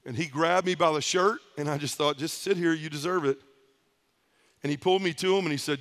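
A man's voice: on the high side, brisk, fairly bright tone. A middle-aged man giving a personal testimony at a conference, telling his story in a heartfelt way, often in the present tense. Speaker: conference speaker. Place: conference hall stage.

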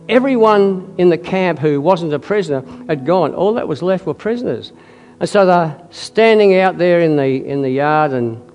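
A man preaching a sermon, telling a wartime story with frequent coughs and throat-clearing, building to loud, emphatic climaxes. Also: fairly high pitch.

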